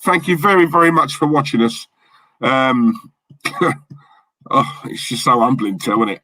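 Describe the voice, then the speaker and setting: A man's voice: medium pitch, measured pace. A man co-hosting a live football watch-along stream, chatting to viewers and reacting to the match. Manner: chatty, thanks viewers in the chat, excitable at the match. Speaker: fan channel co-host.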